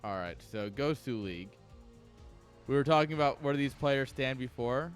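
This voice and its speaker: A man's voice: medium pitch, moderate pace, soft background music. A man chatting casually on his livestream from home, tipsy, loose and profane, rambling from one tangent to the next. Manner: loose, rambling and profane, laughs between thoughts. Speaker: stream caster.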